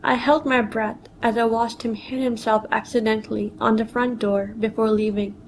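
A woman's voice: fairly high pitch, flat delivery, normal speed, a little hiss or hum, poor audio. A woman reading a personal memoir story aloud, telling it plainly and quoting others in her own voice.

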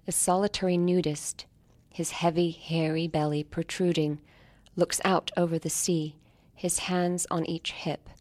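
A woman reading her own short story aloud in a measured way, sometimes dropping to near-whispers. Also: low voice, darkish tone. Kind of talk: literary reading.

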